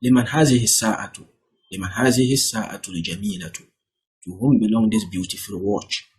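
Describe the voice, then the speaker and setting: Husky, low-voiced male Arabic teacher. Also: steady tone, very fast. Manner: reads example sentences, then translates and explains them. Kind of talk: explaining a textbook lesson.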